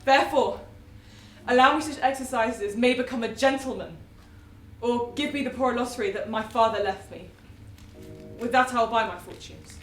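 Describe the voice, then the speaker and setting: A woman's voice: a little high, moderate pace, long pauses, fairly bright tone, reverberant, soft background music, lightly acted. Woman playing a defiant young brother. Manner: defiant, declamatory. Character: proud wronged youngest brother. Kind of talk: amateur stage acting.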